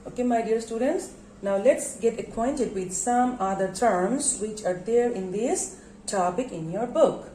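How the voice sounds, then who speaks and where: A woman with a Bangladeshi English accent teaches a recorded pronunciation lesson at an unhurried pace. She spells words letter by letter and asks her class questions that she answers herself. Her voice is mellow and sits in an echoey room. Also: on the high side, a little hiss or hum.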